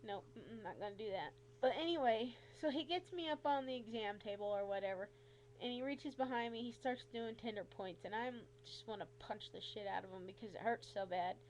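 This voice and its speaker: High-voiced woman telling a story. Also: a little fast, slight background noise, poor audio. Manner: animated, exasperated retelling with frequent asides. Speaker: vlogger. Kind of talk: casual storytelling to camera.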